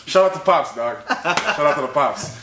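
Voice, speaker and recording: A young man hosting a podcast, telling a story in casual chat, animated and laughing, with "bro" in nearly every line. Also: on the high side, normal speed, a crowd in the background. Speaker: podcast host. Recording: roomy echo, faint noise.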